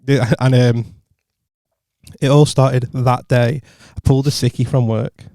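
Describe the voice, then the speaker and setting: A man's voice: mid-range voice, fairly even intonation, unhurried, mellow, no echo, studio quality. A young man with a Liverpool Scouse accent, telling stories in casual podcast chat and acting out the people in them. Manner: storytelling, swearing, acting out voices of people in the story. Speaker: podcast co-host.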